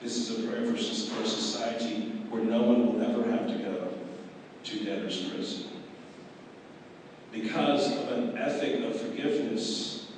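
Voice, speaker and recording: A man's voice: medium pitch, measured pace, noisy background. A man delivering a sermon as a pastor, acting out dialogue with wry humor and dramatic swings in delivery. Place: large convention hall. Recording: echoey hall, distant mic.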